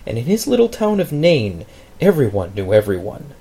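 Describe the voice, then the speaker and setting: Pastor narrating a sermon story, lively pitch, husky tone. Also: male voice, moderate pace. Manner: dramatic, expressive storytelling with big pitch swings.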